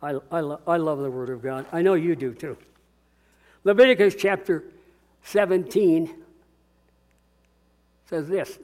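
An older man preaching a sermon as pastor, earnest and swinging between quiet reflection and rousing call-and-response. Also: on the high side, measured pace, pauses often.

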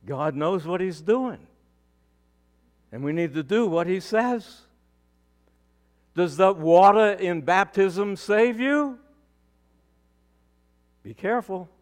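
A male pastor delivering a sermon, preaching with emphatic rises and sudden quiet drops. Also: high voice, lively intonation, takes it slowly, long pauses.

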